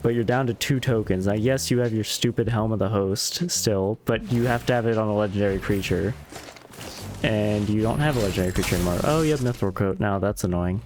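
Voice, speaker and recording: A man's voice: lowish voice, fairly quick. A man streaming a card game, talking through his moves in a casual, wry way and muttering dry asides at his opponents. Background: music playing.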